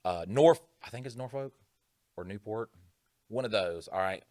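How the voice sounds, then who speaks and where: Low-voiced swearing podcast host. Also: male voice, lively intonation, normal speed, a little mellow, no room sound, studio quality. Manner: rambling, profane storytelling. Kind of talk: casual chat.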